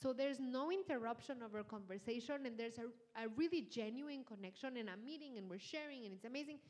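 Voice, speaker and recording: A middle-aged woman with a Mexican Spanish accent talks eagerly on stage, repeating words and restarting her sentences as her ideas tumble out. Her voice sits fairly high. A long hall reverb trails behind each phrase. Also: fast, a little mellow. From Mexico City. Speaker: chef and TV host as guest. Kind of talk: onstage conversation. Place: large hall with an audience.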